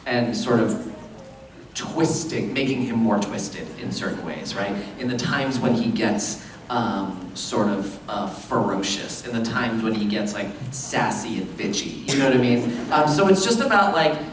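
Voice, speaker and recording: A man's voice: lowish voice, expressive, a little slow. A voice actor at a convention panel, rambling and self-deprecating, laughing often as he answers fan questions. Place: large convention hall. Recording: echoey hall, distant mic.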